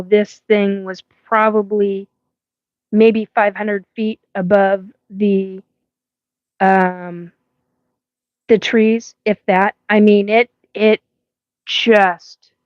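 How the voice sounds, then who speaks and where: A woman's voice: mid-range voice, clear, resonant tone, no echo, dull audio. A woman hosting a live paranormal stream, telling a rambling story with swearing and frequent laughs. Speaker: host of a live paranormal show.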